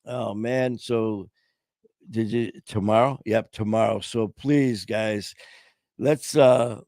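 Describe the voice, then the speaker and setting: A middle-aged man hosting a casual live-stream chat, his voice going hoarse, talking in a loose, heartfelt way full of "man" and "you know". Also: fairly low pitch, steady tone, slow, a little mellow, no room sound. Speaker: podcast host.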